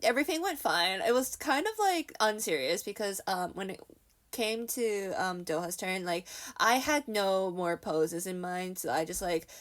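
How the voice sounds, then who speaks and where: Young woman vlogger, casual storytime, lively swooping pitch, self-mocking, acts out quotes with laughs. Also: moderate pace.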